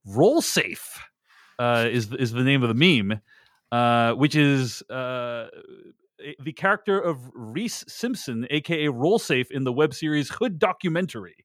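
Lively, animated male podcast host. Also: mid-range voice, unhurried, no echo, clean studio sound. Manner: animated, chatty, reads listener emails aloud. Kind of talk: casual podcast chat.

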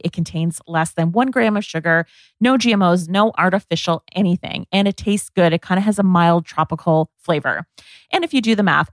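A woman's voice: lowish voice, no echo. Upbeat woman podcast host, dry close mic. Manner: upbeat, conversational, sometimes says "like". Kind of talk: podcast intro and host-read ad.

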